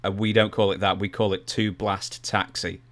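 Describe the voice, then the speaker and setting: A man hosting an interview, chatting in a jokey, relaxed way. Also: on the low side, moderate pace. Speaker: interview host. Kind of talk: casual interview chat.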